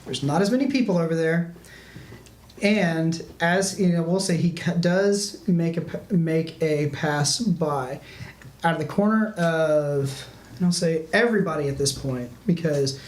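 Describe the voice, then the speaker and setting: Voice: mid-range voice, measured pace. A game master narrating a tabletop game, rambling loosely with many restarts and "like". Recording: echoey room, faint background noise.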